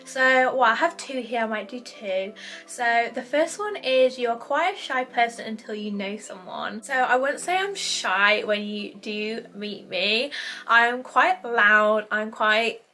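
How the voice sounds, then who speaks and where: A woman's voice: a little high, animated, measured pace, a bit bright, faint music behind. A young woman chatting casually on her vlog, answering viewer questions with lots of fillers and giggles. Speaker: YouTuber. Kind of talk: casual chat.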